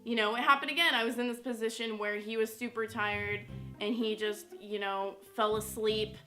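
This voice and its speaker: Chatty young woman with a bright voice. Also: a little high, steady tone, normal speed, faint music behind. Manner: chatty, lots of "like" and "you know". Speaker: YouTuber. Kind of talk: casual storytelling vlog.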